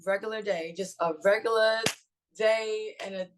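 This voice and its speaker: A woman's voice: medium pitch, normal speed, noisy background. A young woman from Brooklyn, a guest singer telling stories in casual podcast chat, slangy and acting out quotes. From Brooklyn, New York. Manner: animated storyteller, slangy, acts out quotes.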